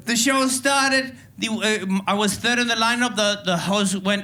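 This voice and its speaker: A man's voice: high-pitched, normal speed, hardly any pauses, sharp tone. A man from Venezuela with a Venezuelan Spanish accent, hosting a stand-up comedy show and hyping a live crowd with playful energy. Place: theatre stage before a live audience.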